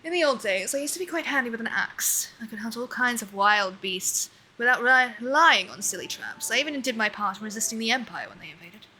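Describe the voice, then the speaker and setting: A woman's voice: on the high side, very animated, a little fast, hardly any pauses, sharp tone, rough recording. A woman putting on a weary old British villager. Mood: wistful. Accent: mock British. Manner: formal, old-fashioned storybook phrasing. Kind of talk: reading game dialogue aloud.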